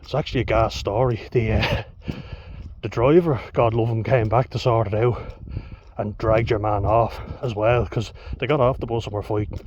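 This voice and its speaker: A young Irish man with a fairly low voice tells a story in a blunt, sweary way. The recording is dull and lo-fi, with a faint hiss behind him. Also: steady tone, moderate pace, a little mellow. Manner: blunt, sweary, laughs between lines. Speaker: vlogger. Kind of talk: casual storytelling monologue.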